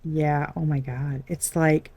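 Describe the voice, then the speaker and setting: A woman's voice: low-pitched, flat delivery, takes it slowly, warm tone, husky. A young adult woman doing a casual tarot reading, chatty and blunt, swearing and laughing often. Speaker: tarot reader.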